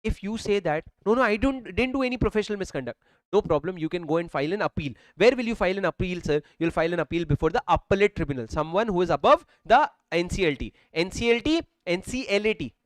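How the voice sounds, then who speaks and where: Indian English male teacher, high voice, dry close mic, drills points to a classroom. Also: lively intonation, quick pace, few pauses, dry recording, poor audio. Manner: emphatic, repetitive, addresses students as sir. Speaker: accountancy law teacher. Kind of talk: classroom lecture. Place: classroom with students. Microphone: handheld or worn mic.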